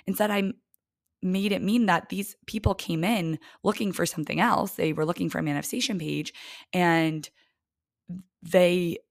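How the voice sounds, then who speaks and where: Young woman, podcast host, business coach, casual and emphatic, soft near-whispers, dry close sound. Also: fairly low pitch, normal speed, creaky, no echo. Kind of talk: casual solo podcast monologue.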